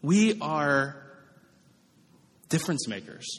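A man's voice: fairly high pitch, very animated, slow. A man preaching a sermon as pastor, in a conversational way with frequent "right?" asides. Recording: reverberant hall.

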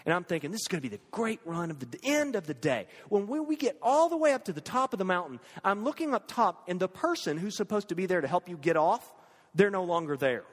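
Brief: middle-aged male storyteller, high tenor voice, very lively delivery dropping to whispers, echoey hall. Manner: animated, swings from loud to hushed whispers. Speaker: speaker telling a personal story. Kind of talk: dramatic storytelling talk.

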